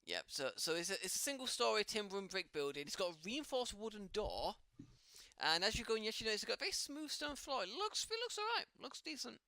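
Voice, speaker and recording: A man narrating as game master in a tabletop game, halting with many fillers and restarts. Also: high voice, big pitch swings, bright, forceful tone, no room sound, clean studio sound.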